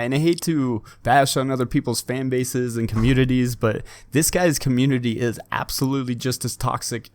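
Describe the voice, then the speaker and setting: A man's voice: mid-range voice, dry recording. Emphatic man with a dry, close sound. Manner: emphatic, repetitive, with many restarts. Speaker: fitness channel host. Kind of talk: opinion commentary to camera.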